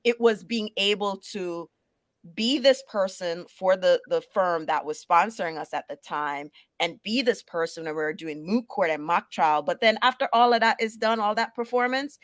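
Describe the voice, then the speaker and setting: A woman's voice: mid-range voice, normal speed, no echo, studio quality. A middle-aged woman with a Caribbean-inflected New York accent, telling stories animatedly as a guest in a casual interview. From Caribbean background, raised in Brooklyn. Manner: animated storytelling, laughs often, restarts.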